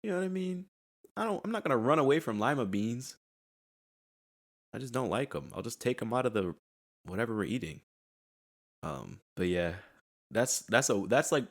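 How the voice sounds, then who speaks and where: A young man hosting a casual solo podcast, rambling in a laid-back way and laughing at himself. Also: deep voice. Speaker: podcast host. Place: at home.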